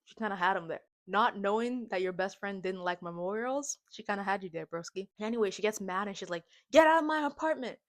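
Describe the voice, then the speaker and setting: A woman's voice: mid-range voice, a little fast, hardly any pauses, fairly bright tone. A young adult woman vlogging a casual movie recap and reaction, slangy and dramatic, with comic asides.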